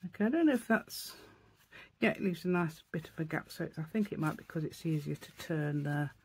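A woman's voice: deep voice, animated, brisk, breathy edge, no echo. A woman hosting a casual crafting tutorial, thinking aloud as she works and often correcting herself. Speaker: craft channel host.

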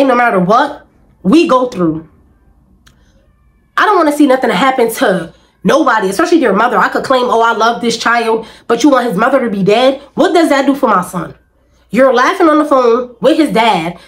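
A woman's voice: fairly high pitch, lively intonation, moderate pace, poor audio. A woman vlogger, venting emphatically and repetitively in casual talk to camera.

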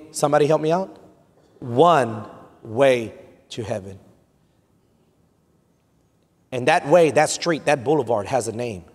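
Recorded with long hall reverb in a large church sanctuary, a Texan-accented pastor in his thirties delivers a sermon in a husky, medium-pitched voice. He moves between quiet storytelling and loud peaks, dropping Spanish phrases into English.

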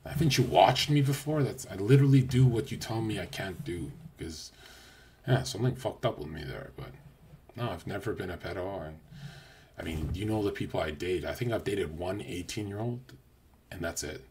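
A brash young man livestreaming in a casual, crude rant that swings from loud outbursts to low mutters. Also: animated, moderate pace, a little hiss or hum.

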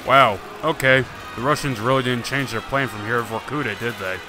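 A sarcastic man commentating a game with jokes and swearing. His voice sits mid-pitched, and clear game music plays behind him. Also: fairly quick. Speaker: gaming YouTuber. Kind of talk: casual let's play commentary.

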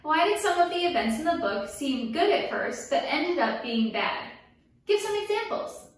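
A woman's voice: high-pitched, sing-song, moderate pace, far from the mic. A woman reading a picture book aloud for children's story time, with playful sound effects and call-and-response lines. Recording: echoey room, voice a bit off-mic.

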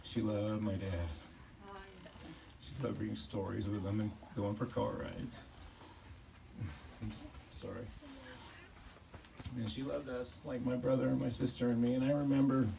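A man's voice: medium pitch, creaky, warm tone. Man giving a eulogy from afar. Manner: halting, fond storytelling, often chuckling. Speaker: family member giving a eulogy. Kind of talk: personal eulogy with stories. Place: memorial service gathering. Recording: distant mic with background noise.

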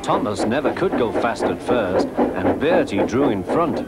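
A man narrating a children's storybook in a lively, expressive, confiding way. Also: mid-range voice, a little slow. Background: loud music.

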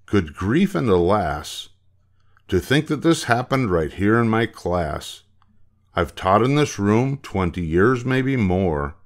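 A man's voice: fairly low pitch, big pitch swings, slow pace, heavily acted. An older man voicing a flustered, strict woman schoolteacher in a storybook reading, scolding and fussy.

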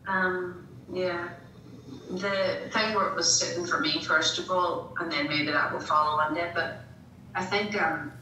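A woman's voice: fairly low pitch, steady tone, measured pace, pushed and bright, echoey room, recorded from a distance, slight background noise, rough recording. A woman guest in a casual faith discussion, speaking candidly and emotionally.

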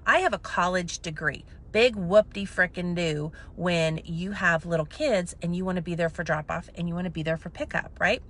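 A woman in her thirties telling her story to camera in a chatty, self-mocking way, swinging between hushed asides and loud outbursts. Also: fairly low pitch, normal speed, few pauses, slight background noise. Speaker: vlogger, makeup seller.

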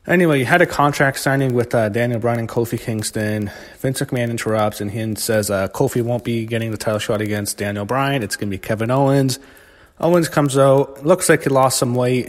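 Man, blunt and profane, casual rant, mid-pitched voice, long reverb tail. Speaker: wrestling show reviewer. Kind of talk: casual opinionated recap monologue.

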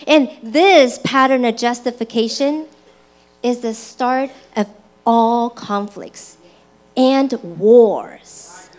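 A woman preaches a sermon in church, slow and deliberate, her voice a little high. In her personal stories she acts out her own excited and angry voice.

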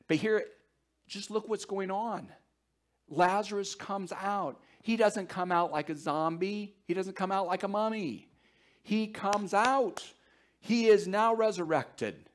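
A male pastor delivering a sermon in a somewhat high voice. He swings from lively joking to a hushed, almost whispered intensity, and he repeats words and searches aloud with fillers as he works through his point. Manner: animated and joking, with sudden drops to a hushed near-whisper.

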